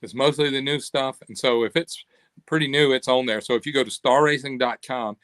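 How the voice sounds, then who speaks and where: Speaking a little fast at a medium pitch, an animated older man, the owner of a cam company, shares stories as a casual interview guest, performing the voices of people he quotes. The recording is dry and close, without echo.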